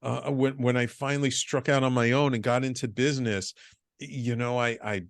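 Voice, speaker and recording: A middle-aged man guesting on a podcast, telling his business story with lively acted-out dialogue and stumbling restarts. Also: mid-range voice, fairly quick, vocal fry, dry recording. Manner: animated storyteller, acts out quoted dialogue, frequent restarts. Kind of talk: storytelling interview.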